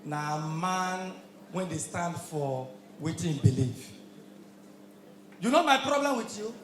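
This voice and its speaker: A man with a Nigerian accent doing a stand-up comedy routine on stage, shouting his punchlines in Pidgin. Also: a little high, animated, slow. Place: live comedy show stage with audience. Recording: echoey live venue with crowd.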